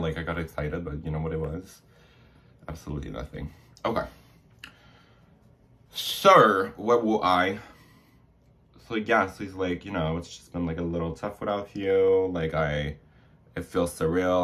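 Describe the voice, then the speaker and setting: A man's voice: sits low, steady tone, unhurried, pauses often, fairly bright tone. A young man vlogging while doing his makeup, chatty and dramatic, acting out the quoted dialogue as he retells a story.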